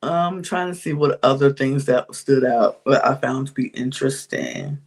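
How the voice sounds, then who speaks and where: A woman's voice: a bass voice, moderate pace, darkish tone. A woman hosting a podcast, giving a candid, chatty recap of a reality show, with frequent sighs and laughs. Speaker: podcast host.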